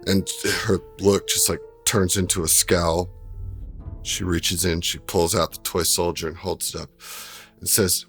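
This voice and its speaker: A man narrating as game master of a tabletop game, telling the story in a relaxed way with plenty of fillers. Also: low-pitched, a little slow, creaky, faint music behind.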